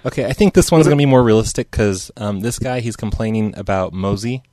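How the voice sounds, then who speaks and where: Brief: male prank show host, low voice, dry close sound, jokey banter. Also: brisk, warm tone, no echo. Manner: laughs often, casual and joking. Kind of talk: casual chat and prank calling.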